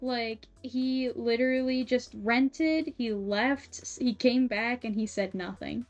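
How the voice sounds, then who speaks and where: A woman's voice: a little high, slow, dull audio. Chatty young woman telling a work story. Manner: animated, laughing often, many "like" fillers. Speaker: streamer. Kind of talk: casual storytelling while sewing. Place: home streaming setup. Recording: soft music behind.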